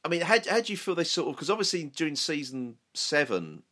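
A man's voice: on the high side, big pitch swings, fast, pushed and bright. A man hosting a podcast in casual chat, rambling and hedging with many restarts. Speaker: podcast host.

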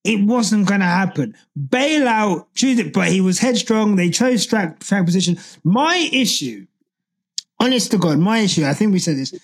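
Woman podcast co-host, swinging pitch, slightly husky, ranting with heat and plenty of swearing. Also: normal speed. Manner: animated, swears freely, rants. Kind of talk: casual podcast chat.

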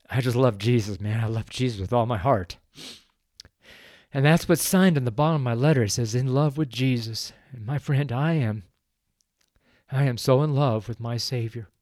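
A middle-aged man hosts a devotional podcast, praying and sharing his testimony slowly and earnestly, choked up with tears. His mid-range voice is a little mellow, captured in clean studio sound with no room sound.

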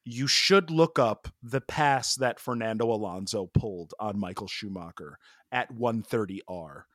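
A man co-hosting a podcast in casual sports chat, telling stories in an animated way with lots of "like" fillers. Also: on the low side, measured pace, dry recording, studio quality. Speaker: podcast co-host.

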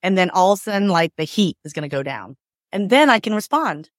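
Speaking very animatedly and briskly, a woman divorce mediator explains her points in a conversational interview, acting out examples and saying "like" and "right?" a lot. Her voice is on the low side, captured in studio quality with no room sound.

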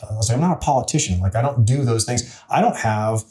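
Speaking fast and animatedly in a warm, mid-range voice, a forty-something council member shares a story as an interview guest. His manner is sincere and plain, with frequent restarts, like candid conversation.

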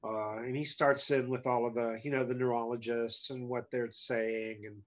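A man's voice: mid-range voice, flat delivery, normal speed. Middle-aged man, podcast guest; blunt, candid storyteller with wry self-deprecating humor. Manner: blunt, candid, often profane. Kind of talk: casual storytelling in an interview.

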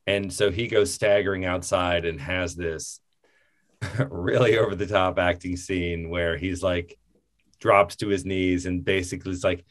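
A man with a slightly low voice talks casually about a film, rambling and laughing as he goes. He is lively and loose, stopping and restarting his thoughts. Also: a little slow. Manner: rambling, animated, laughs often. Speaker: podcast co-host.

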